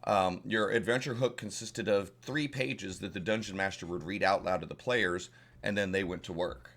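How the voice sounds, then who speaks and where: Deep and a little bright, the voice belongs to an older Southern American man teaching how to run tabletop games. He moves at a moderate pace in a relaxed, rambling style, often restarting sentences and leaning on fillers.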